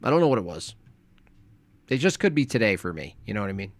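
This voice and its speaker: A man's voice: on the low side, big pitch swings, fast, dry recording. A man streaming casual, rambling chat, hedging and self-deprecating as he talks.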